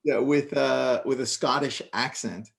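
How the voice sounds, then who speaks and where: A podcast co-host with a medium-pitched, gravelly voice tinged with fry chats casually on a real estate panel. He tells stories with animated energy and throws in quick asides.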